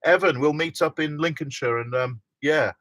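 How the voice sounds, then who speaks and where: A man's voice: fairly high pitch, moderate pace, a bit bright, dry recording. Man, middle-aged, casual live stream host, chatty, reads comments, dry sound. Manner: chatty, reads out viewer comments, laughs often. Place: inside a motorhome by the coast.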